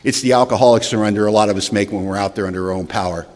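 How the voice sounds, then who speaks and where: A man with a lowish voice tells his own story of recovery, blunt and wry, sometimes acting out old arguments. He speaks at a podium microphone in a meeting hall, and his words ring out with a long reverb. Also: racing, darkish tone. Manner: candid, wry storytelling that acts out past dialogue. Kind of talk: personal recovery testimony.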